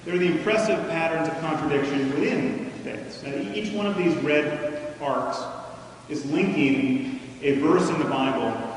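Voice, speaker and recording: A man's voice: fairly high pitch, slight background noise. Man lecturing in an echoey hall. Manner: measured and argumentative, with frequent restarts. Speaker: public speaker. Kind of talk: lecture to an audience. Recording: echoey hall recorded from far off.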